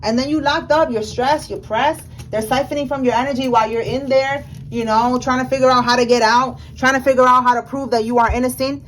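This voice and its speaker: A woman's voice: high voice, fairly even intonation, a little fast, hardly any pauses, a little hiss or hum, rough recording. A woman giving a general tarot reading in a casual, emphatic way, talking straight to the viewer with slangy speech. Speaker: tarot reader.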